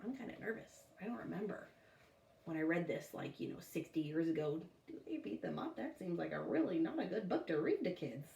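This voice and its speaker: A woman's voice: fairly low pitch, lively intonation, brisk, vocal fry, dark tone. A woman reading a children's novel aloud for a school, breaking off for chatty, self-deprecating asides. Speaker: storytime reader for a school. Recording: echoey room, far from the mic.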